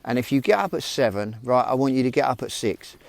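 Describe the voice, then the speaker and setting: In a dry recording, a man with an animated, creaky, medium-pitched voice delivers a quick-paced motivational vlog. He rambles informally and talks frankly and directly to his viewers, self-help style.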